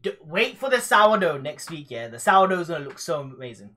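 A man's voice: fairly high pitch, big pitch swings, fairly quick, bright, forceful tone. A young man hosting a cooking live stream, chatting casually with lots of fillers and laughs. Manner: laughs often, rambling with fillers.

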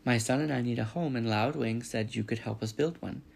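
A man reading a storybook, voicing a calm, polite female robot who has become a mother. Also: medium pitch, fairly quick, creaky, husky. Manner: calm, polite, plain-spoken.

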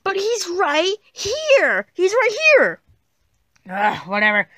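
A woman's voice: a little high, expressive, normal speed, a bit bright, no room sound. A woman voicing a dismissive, bossy male dinosaur in a plush puppet comedy.

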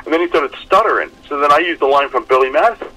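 A man co-hosting a podcast, telling stories with lots of laughter in a lively, casual way. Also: a little high, very fast, slightly rough, rough recording. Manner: animated, laughing storyteller. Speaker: podcast co-host. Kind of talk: casual chat.

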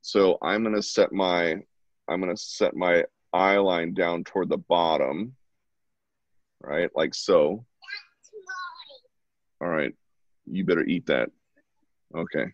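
A man's voice: low voice, steady tone, slow pace, long pauses, no room sound. A man at home giving a casual, chatty live drawing lesson and talking while he sketches. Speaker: drawing instructor. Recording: dull lo-fi, dry sound.

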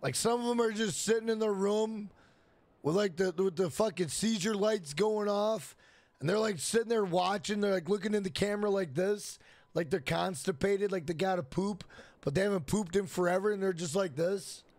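A man's voice: high-pitched, normal speed, a little mellow, no room sound. A young man streaming a game, chatting loosely with profanity, repeating himself and reading chat questions aloud. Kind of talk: casual live stream chat.

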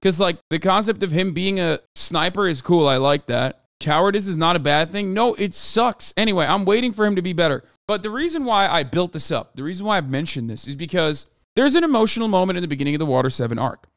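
Exasperated swearing man with a high voice. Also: fast talker, hardly any pauses, dry recording, clean studio sound. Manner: animated, heavy swearing, exasperated. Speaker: live streamer. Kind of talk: casual rant to live chat.

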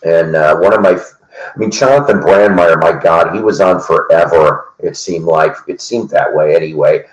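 A man's voice: sits low, moderate pace, highs cut off. A middle-aged man hosting a casual chat, rambling and conversational with lots of fillers and restarts. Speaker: host. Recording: roomy echo.

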